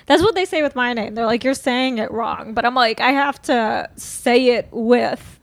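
A woman's voice: a little high, moderate pace, no echo. Candid Midwestern woman comic. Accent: Midwestern American. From Illinois, USA. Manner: laughing, candid storytelling. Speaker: comedian guest. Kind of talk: casual chat.

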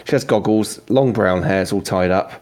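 Low-voiced game master narrating. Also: male voice, moderate pace, faint music behind. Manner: relaxed, hesitant with fillers.

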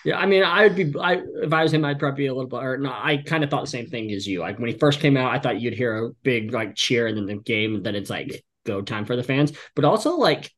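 Animated, filler-heavy male podcast co-host. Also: medium pitch, fast talker, few pauses. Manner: excitable, leans heavily on "like" and "um". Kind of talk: casual sports chat.

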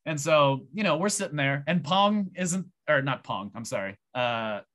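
A man guesting on a podcast, telling a long casual story in a profane, rambling, animated way. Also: on the high side, normal speed. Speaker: podcast guest, pro wrestler.

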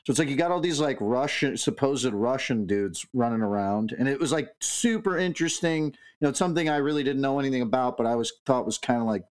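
A man in his thirties chats loosely on a podcast, piling up "like"s and restarts as he rambles through his thoughts. His voice sits at an ordinary middle pitch. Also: quick pace, few pauses. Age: 30s. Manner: rambling, filler-heavy, animated. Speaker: podcast co-host. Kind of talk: casual chat.

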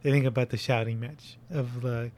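A man's voice: medium pitch, fairly even intonation, moderate pace, darkish tone. A man in a casual movie discussion, chatty, and he acts out lines from the film as he goes.

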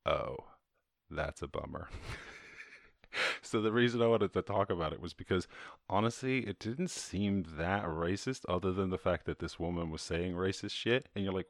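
An Irish-accented man hosts his show, riffing casually on a video with plenty of swearing and frequent laughter. His voice is low and his pace moderate. The sound is clean studio audio with no echo.

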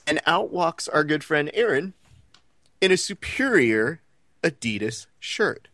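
A man's voice: fairly high pitch, unhurried, no room sound. A man co-hosting a podcast, telling a story casually and acting out the lines of the people in it. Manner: animated storyteller, acts out quoted lines. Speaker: podcast co-host.

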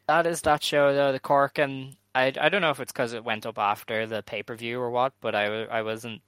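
A man co-hosting a casual podcast, talking in a measured way with frequent "um"s as he goes over details. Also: medium pitch, little pitch movement, a bit bright, smooth, no room sound. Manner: measured, many "um"s, runs through show details. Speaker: podcast co-host. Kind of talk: casual chat reviewing wrestling shows.

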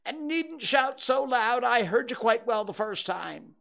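A man's voice: very high voice, animated, a little slow, vocal fry, a bit bright, pitched above the performer's own voice, exaggerated voice. Man doing a prim, fussy storybook rabbit. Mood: evasive. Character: fussy, cautious, polite male rabbit.

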